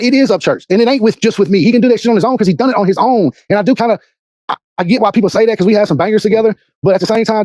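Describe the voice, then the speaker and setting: Fast-talking high-voiced man. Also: dry recording. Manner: animated, emphatic, profane. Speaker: rapper in an interview clip. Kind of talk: casual interview talk.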